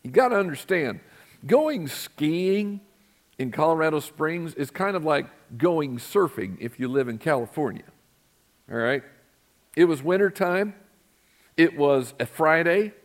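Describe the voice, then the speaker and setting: A man's voice: fairly high pitch, lively intonation, unhurried. A middle-aged man preaching a sermon in a church, talking conversationally and asking his congregation questions. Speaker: pastor. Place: church sanctuary.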